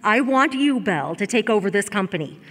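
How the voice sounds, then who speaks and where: A woman's voice: medium pitch, lively intonation, fairly quick, a bit bright. An actress in a live radio drama playing a woman company owner handing over her business, recorded on stage in a reverberant hall. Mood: enthusiastic. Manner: earnest and emotional. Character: warm woman company owner about to retire.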